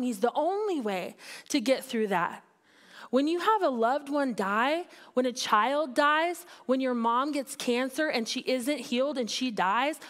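A woman pastor preaching a sermon in a candid, conversational way, building to emphatic peaks. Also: high-pitched. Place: church sanctuary.

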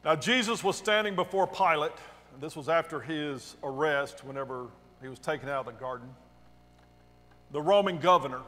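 A man's voice: a little high, moderate pace, fairly bright tone, big-room sound. A male pastor reading a Bible passage aloud during a worship service, raising his voice for the quoted lines. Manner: reads quoted speech with raised, emphatic delivery. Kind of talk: dramatic scripture reading. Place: church sanctuary.

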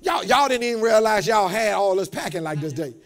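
High, lively preaching man. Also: fairly quick. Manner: call-and-response preaching, rising to shouts; repeats words, talks straight to the congregation. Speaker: pastor. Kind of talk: sermon. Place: church.

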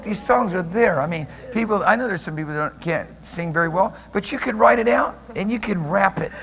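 High-voiced preaching pastor in reverberant hall. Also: male voice, fairly quick, slight background noise. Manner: animated preaching, swinging from soft murmurs to loud shouts; laughs often while preaching. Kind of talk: sermon. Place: church sanctuary.

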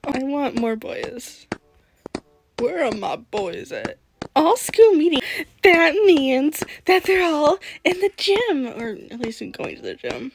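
A woman's voice: high voice, sing-song, takes it slowly, a little hiss or hum. A woman hosting a gaming channel, chatting casually and giggling as she talks to the characters in her game. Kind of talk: casual gameplay commentary.

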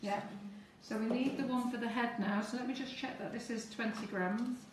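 A woman's voice: on the high side, steady tone, normal speed, far from the mic, noisy background. A woman teaching cake decorating on a live stream, chatting to viewers as she works through each step. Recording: echoey room, away from the mic.

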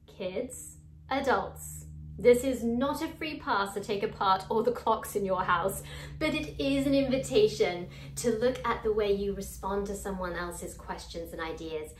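A young woman hosting an upbeat scripted vlog, playful and theatrical, with bursts of mock outrage. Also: mid-range voice. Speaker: host. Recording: roomy indoor sound.

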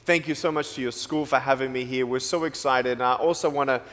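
A man's voice: medium pitch, fast talker. A man from Australia giving a playful, joking motivational talk to students in a large school hall. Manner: playful, joking, lively storyteller. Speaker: motivational speaker.

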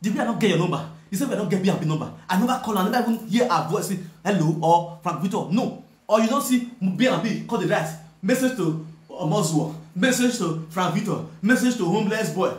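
An online video presenter with a Nigerian Pidgin English accent rants straight to camera, scolding someone in a repetitive, confrontational way. His voice sits high, with lively intonation and a fast pace, and the sound is roomy.

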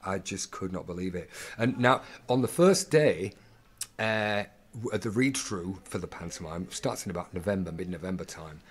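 A man, an actor guest, telling animated anecdotes in an interview, stumbling and restarting often. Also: sits low, husky. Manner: animated, halting with many restarts, acts out voices in quotes.

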